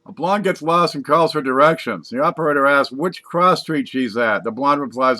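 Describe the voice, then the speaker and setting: A man's voice: a little high, normal speed, hardly any pauses, bright, forceful tone, no room sound. A man casually reading jokes aloud, laughing at his own punchlines and adding wry asides. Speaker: comedy joke reader.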